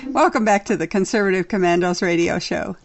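A woman's voice: lowish voice, a little fast, no room sound. Woman hosting a political talk radio show.

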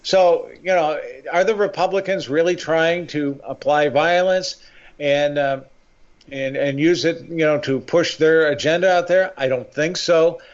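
A man's voice: on the high side, unhurried. Older man rambling on talk radio, muffled. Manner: rambling, many fillers and restarts, opinionated. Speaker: guest writer. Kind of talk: political talk radio interview.

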